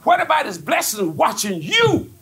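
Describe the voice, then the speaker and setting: A man pastor delivering a fiery sermon in a strikingly high voice with a gravelly edge. His pitch swings widely as he repeats his points with emphasis and climbs into shouts. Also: wildly swooping pitch, moderate pace. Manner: emphatic, repetitive, rising to shouts. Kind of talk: fiery preaching sermon with congregation call-and-response.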